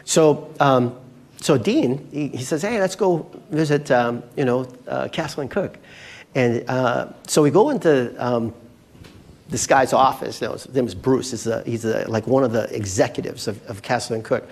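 A man's voice: medium pitch, normal speed, darkish tone. A male pastor preaching a casual, storytelling sermon, talking to his congregation in a chatty way with many asides.

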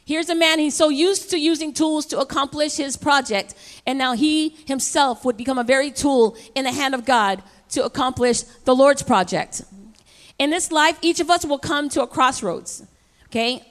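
A woman pastor preaching a lively, emphatic sermon and calling on her congregation to respond. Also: sits high, normal speed, in a large hall.

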